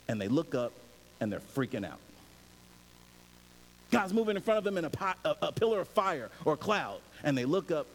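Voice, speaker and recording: Male pastor, sermon, lively swooping delivery, high voice, echoing hall. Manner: animated and conversational, acts out scenes. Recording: reverberant hall, faint hiss.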